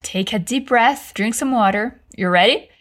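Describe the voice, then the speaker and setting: Woman teaching English slowly. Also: fairly high pitch, fairly bright tone. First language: Brazilian Portuguese. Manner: slow, carefully enunciated model sentences. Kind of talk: language lesson with repeat-after-me drills.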